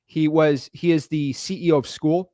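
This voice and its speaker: A man coaching viewers in an energetic video lesson, fast, slangy and emphatic, repeating words for punch. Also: on the high side, dry recording, clean studio sound. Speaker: real estate wholesaling coach.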